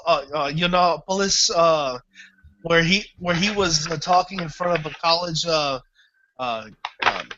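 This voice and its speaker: A man chatting casually on an online call, halting and filling gaps with "uh". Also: on the high side. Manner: halting, heavy on "uh" fillers. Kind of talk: casual chat. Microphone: online video call. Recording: muffled noisy online call audio.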